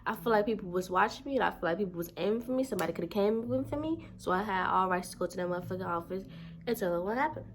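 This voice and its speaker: A woman's voice: medium pitch, lively intonation, racing, noisy background. Fired-up, cursing woman vlogger. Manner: heated, profane storytelling. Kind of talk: casual storytime vlog.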